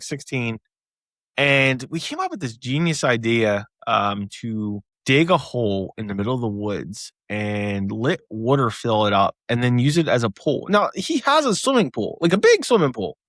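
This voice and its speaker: A man with a mid-range voice talks casually on a podcast, spinning relaxed anecdotes and quoting people with sudden bursts of expression. The mic is close and the sound is dry. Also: medium pitch, no echo. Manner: relaxed storytelling, animated quotes. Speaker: podcast co-host. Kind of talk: casual chat.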